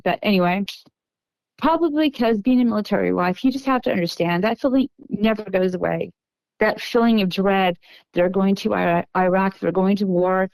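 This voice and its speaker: A middle-aged woman from Texas, a podcast guest, recounting a personal story in an unhurried, halting way with frequent restarts. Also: mid-range voice, gravelly, a little mellow, dry recording, rough recording.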